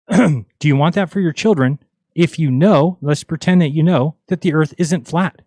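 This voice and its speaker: A man's voice: on the high side, darkish tone, dry recording. Exasperated ranting man, dry close mic. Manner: exasperated, mocking, argumentative. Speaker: livestream host. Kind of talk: casual ranting livestream talk.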